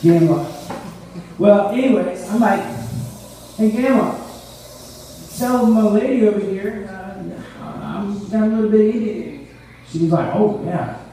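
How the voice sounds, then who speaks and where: A man's voice: sits high, measured pace, warm tone, a little hiss or hum. A man in his thirties doing a rambling, profane stand-up set, laughing at his own jokes. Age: 30s. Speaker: stand-up comedian. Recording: echoey room, mic far off.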